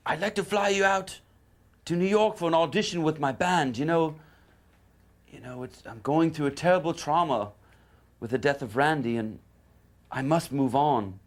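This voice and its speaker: A man impersonating a weary older rock singer who speaks in a slow, drawling way. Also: on the high side, pitched above the performer's own voice, lightly acted.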